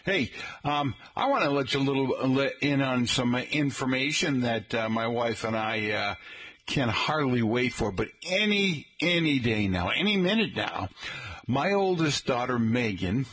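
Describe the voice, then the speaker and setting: A middle-aged man hosting a local radio show, chatting in a folksy way and slowly spelling out details for listeners. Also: mid-range voice, lively intonation, fairly bright tone, husky. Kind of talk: casual radio talk. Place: radio studio.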